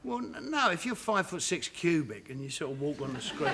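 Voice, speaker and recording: A man with a Cockney accent, a talk show guest telling animated stories and laughing often in a television studio. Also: on the high side, quick pace, hardly any pauses, a loud crowd. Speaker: guest actor.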